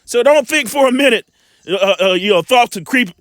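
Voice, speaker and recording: Animated high-voiced man reading scripture. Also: no echo, clean studio sound. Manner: slow deliberate reading, casual asides. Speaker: scripture teacher.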